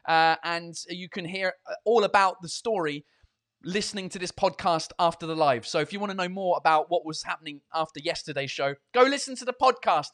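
A man's voice: high voice, fairly bright tone. A tired man hosting a comedy podcast and livestream, chatting in a rambling, self-mocking way and swearing freely. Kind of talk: casual rambling chat.

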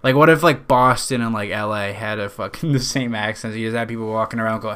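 A man's voice: on the low side, quick pace, fairly bright tone, clean tone. A man with a nasal Western New York accent, hosting a podcast in a rambling, profane, jokey monologue. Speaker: podcast host.

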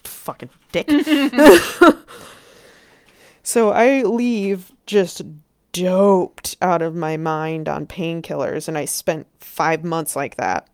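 A woman's voice: deep voice, takes it slowly, darkish tone, no room sound, studio quality. A woman telling a story in casual chat, rambling, peppering her talk with "like" and swearing freely.

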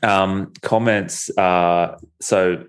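A man with an Australian accent that drifts between posh and rough Newcastle, hosting a podcast in a relaxed, joking, blunt way. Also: deep voice, extremely slow. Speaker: podcast host, law firm marketing specialist. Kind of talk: casual podcast chat.

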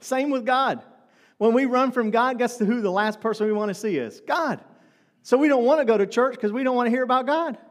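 A man with a notably high voice preaches a sermon to his congregation. He talks in a loose, conversational way and keeps throwing rhetorical questions at the room. His voice rings out with the long reverb of a church hall. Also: fairly quick. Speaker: pastor.

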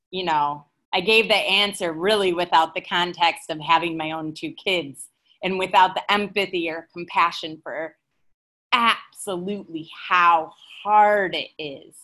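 A woman in her forties speaking as a guest educator in a relaxed interview, explaining her points through anecdotes. Her voice sits a little low for a woman. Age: 40s. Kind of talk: casual interview chat.

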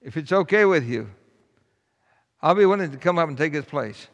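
A brave, earnest schoolboy pleads in a raised, strained voice, as a preacher puts him on. The tone is gravelly under the lift, and the words ring out with a long hall reverb. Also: male voice, a little high, expressive, normal speed, pitched above the performer's own voice. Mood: pleading. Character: brave schoolboy offering to take a beating.

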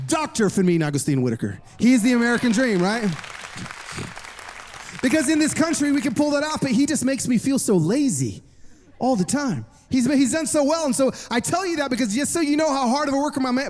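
A man delivers a sermon in a big room, his fairly high voice carrying a long reverb. He tells stories with animation, slipping into the voices of the people in them. The delivery moves between hushed moments and energetic pushes. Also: brisk, a faint crowd. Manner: animated storytelling, voicing others in quotes. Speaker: preacher. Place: large hall with an audience.

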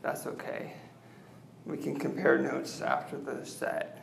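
Guy doing stand-up at an open mic, gravelly voice, slow awkward delivery, echoey club room. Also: mid-range voice, completely flat delivery, a little hiss or hum. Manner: awkward, self-deprecating, drawn-out pauses. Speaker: stand-up comedian. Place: comedy club stage. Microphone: handheld stage mic. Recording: roomy club sound.

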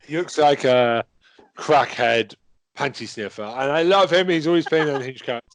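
A man's voice: mid-range voice, moderate pace. A man chatting casually as a podcast co-host, rambling with many fillers and swearing freely. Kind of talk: casual chat.

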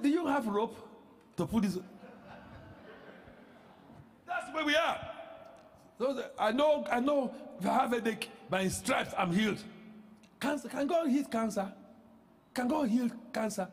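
A male pastor with a high voice that swings widely as he preaches, pressing rhetorical questions and breaking into shouts. The sermon carries a long echo, as if spoken in a large hall. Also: lively intonation, normal speed.

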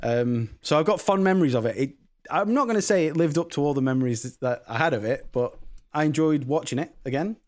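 A man's voice: on the high side, animated, brisk. A British man chatting casually as a co-host of a film review podcast, telling stories and swearing freely. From Britain.

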